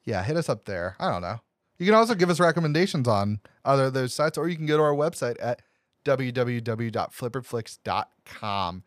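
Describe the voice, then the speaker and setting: A man's voice: medium pitch, expressive, dry recording, studio quality. Upbeat man in casual podcast banter. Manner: joking, upbeat, quick asides. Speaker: podcast co-host. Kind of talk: casual chat.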